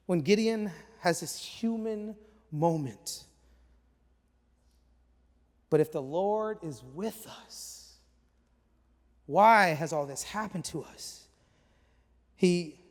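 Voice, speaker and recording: High-voiced pastor in an echoey hall. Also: male voice. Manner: animated, chatty storytelling with slang. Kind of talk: sermon with humorous storytelling. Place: church auditorium. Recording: echoey large church hall.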